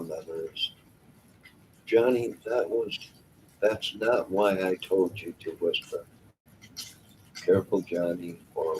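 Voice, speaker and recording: A man's voice: low voice, a little mellow, a little hiss or hum, rough recording. A man hosting a casual live stream, reacting to his chat with jokes, exclamations and frequent laughs. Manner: joking, exclamatory, laughs often. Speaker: livestream host reading chat.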